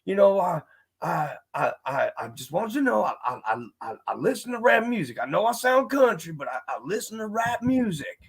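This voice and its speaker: A man's voice: sits high, big pitch swings, brisk, gravelly, slightly rough, heavily acted. A man doing a stammering country caller. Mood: earnest. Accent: rural American country. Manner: stammering, repeats himself.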